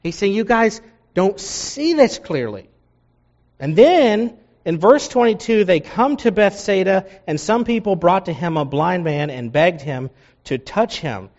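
A man preaching a sermon, reading scripture aloud and rising loud and high for emphasis, then dropping low for asides. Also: expressive, unhurried. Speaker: pastor. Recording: dull lo-fi sound.

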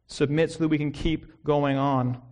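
A man with an American accent preaching an expository sermon as a pastor, earnest and measured, posing rhetorical questions. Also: a little high, steady tone, a little mellow.

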